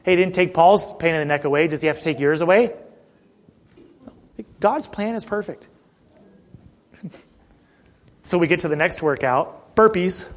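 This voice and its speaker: A middle-aged man preaching a sermon in a conversational way, asking the congregation questions and often clearing his throat. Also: a little high, a little fast. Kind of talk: sermon with personal story.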